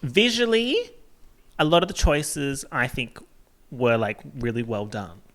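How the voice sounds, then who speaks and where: A man's voice: medium pitch, big pitch swings, unhurried, fairly bright tone. A man guesting on a podcast, chatting in a playful, jokey way. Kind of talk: casual chat.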